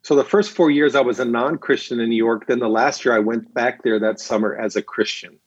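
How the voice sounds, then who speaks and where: A missionary appearing as an interview guest tells his story animatedly, acting out quoted dialogue and laughing. His husky, medium-pitched voice moves briskly, and the recording is dry, dull and lo-fi.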